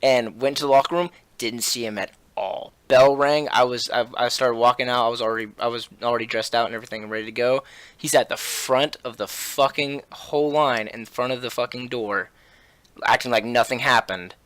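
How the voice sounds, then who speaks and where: A man's voice: mid-range voice, fairly quick, dry recording. A young man telling a school fight story on a casual podcast, full of swearing, fillers and restarts. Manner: animated, profane, with many fillers and restarts. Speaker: podcast host.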